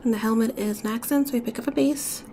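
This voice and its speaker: A woman giving a step-by-step beading tutorial, talking softly and often dropping to a whisper as she works. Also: a little high, steady tone, quick pace, a little hiss or hum. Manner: soft-spoken, often drops to a whisper while working.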